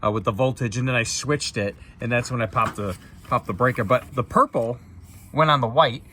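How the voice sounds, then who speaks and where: A man's voice: medium pitch, brisk, bright, forceful tone, slight background noise. A man chatting casually as he fixes an RV outdoors, rambling and often correcting himself. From United States. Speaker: RV repair vlogger. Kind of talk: casual how-to vlog.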